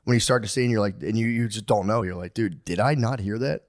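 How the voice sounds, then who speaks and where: A man's voice: fairly low pitch, fast. A man co-hosting a comedy podcast, casual and rambling, swearing often and acting out his own quotes. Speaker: podcast co-host; comedian and dad. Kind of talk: casual chat.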